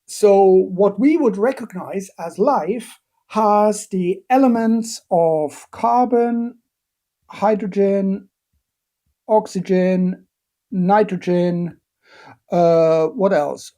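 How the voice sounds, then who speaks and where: A man's voice: sits high, dark tone. A man giving a live-streamed biochemistry lecture, talking hesitantly with many fillers and playful asides while he answers questions from the chat.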